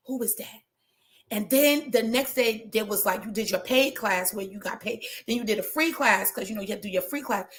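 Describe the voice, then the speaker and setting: A woman with a somewhat high voice tells her business story in a loose, animated way. She talks straight to her audience like friends, mixing motivation with casual chat. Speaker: trichologist and hair business coach. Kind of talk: motivational casual talk to viewers.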